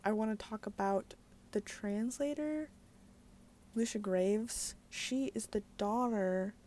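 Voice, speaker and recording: A woman's voice: medium pitch, a little mellow. A woman chatting casually in a daily book vlog, candid and full of fillers, with some swearing. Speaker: book vlogger.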